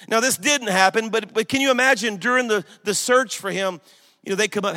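Emphatic pastor in a reverberant hall. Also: male voice, sits high, brisk. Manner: emphatic storytelling, swings between loud and hushed. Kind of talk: sermon. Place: church sanctuary. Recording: long hall reverb in a church.

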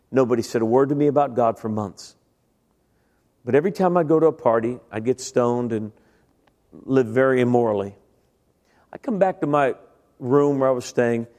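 A man's voice: medium pitch, a little mellow. A middle-aged man preaching a sermon, telling his own testimony in a conversational way and speaking directly to the congregation. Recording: long reverb of a large hall.

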